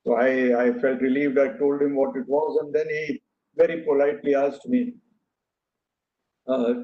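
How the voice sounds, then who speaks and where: A man's voice: medium pitch, little pitch movement, normal speed, a little hiss or hum. An older man giving an earnest, anecdotal talk to an audience, with frequent fillers and restarts. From India. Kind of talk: speech to an audience. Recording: echoey hall, dull lo-fi sound.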